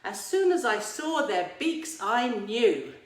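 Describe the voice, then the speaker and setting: A chirpy, simple-hearted male toy bear, put on by an Englishwoman pitches up high and eager with an English accent. The lines come in a children's poem, read aloud in an echoey room. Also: very animated, takes it slowly.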